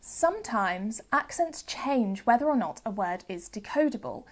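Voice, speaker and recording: Woman, Southern English accent, phonics teacher, slightly high voice, clear careful sounding-out. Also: expressive, moderate pace. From Southern England. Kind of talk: educational video presenting.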